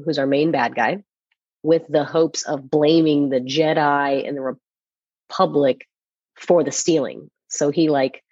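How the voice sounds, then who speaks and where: A woman's voice: low voice, a little mellow, husky, no room sound, muffled recording. A woman co-hosting a casual movie podcast, rambling through a recap with lots of fillers. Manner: rambling, filler-heavy retelling. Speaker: podcast co-host. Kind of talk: casual chat.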